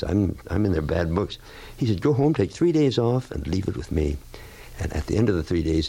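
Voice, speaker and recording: Gravelly older man telling radio stories. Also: deep voice, no echo. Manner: wry, animated when quoting others. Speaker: veteran radio broadcaster guest. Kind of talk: anecdotal storytelling.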